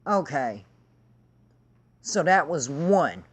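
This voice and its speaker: A woman's voice: low voice, very animated, very slow, husky. A woman vlogging to camera in a heated, sarcastic and profane rant. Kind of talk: angry vlog rant.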